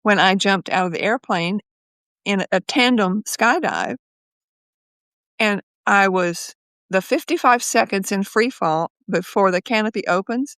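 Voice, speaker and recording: A woman's voice: mid-range voice, unhurried, fairly bright tone, dry recording. A woman psychologist speaks as a guest on an interview podcast. She tells her stories with animation and often acts out her own inner voice in quotes. The recording is dry and close, with little room sound.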